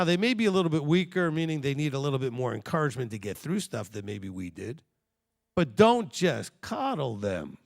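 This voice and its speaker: A man in his fifties giving a lively, joking sermon-style talk to a congregation. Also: mid-range voice, creaky. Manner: animated and jokey, with mocking quoted voices. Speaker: teacher at a Torah study.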